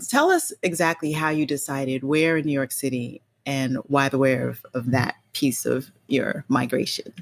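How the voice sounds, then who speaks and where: A woman's voice: a bass voice, normal speed, few pauses. A woman hosting an interview, asking questions and giving frequent short acknowledgements. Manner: attentive, with many brief backchannels. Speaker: podcast host.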